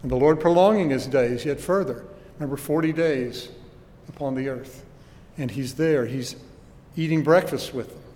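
A man's voice: mid-range voice, moderate pace, a little mellow, long reverb tail, slight background noise. A man preaching a sermon with earnest emphasis and rhetorical questions, recorded in a church.

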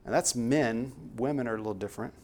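An earnest man preaching a sermon at an ordinary middle pitch. He leans hard on the words he wants to land and pushes the point home. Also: fast talker, darkish tone. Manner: earnest, emphatic, rising to stress key words.

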